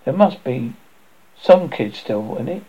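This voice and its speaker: A man putting on an anxious, plump young schoolboy who can't stop talking. The voice sits high and swings lively, with a dark, husky grain. It is read aloud for a story and recorded on a muffled lo-fi track. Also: unhurried. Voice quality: raised boyish pitch, plain working-class speech. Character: plump asthmatic schoolboy, anxious and eager to please. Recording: dull lo-fi recording.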